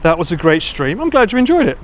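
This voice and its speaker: This Essex-accented man talks fast in a high-sitting voice as he livestreams IRL while walking through the city. Casual and lively, he laughs along and trades teasing, sweary banter with his live viewers.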